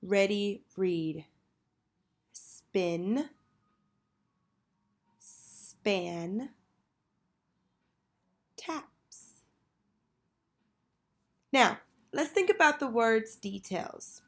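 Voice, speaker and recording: A woman teacher leading a children's phonics lesson, patiently prompting and pausing for answers. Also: medium pitch, animated. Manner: slow, patient, call-and-response prompting.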